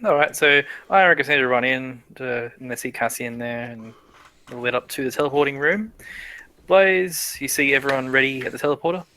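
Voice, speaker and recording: Cheerful bright-voiced young game master. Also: male voice, mid-range voice, brisk, rough recording. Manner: relaxed, repeats "yep" and "cool", laughs often. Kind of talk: narrating a tabletop game, chatty.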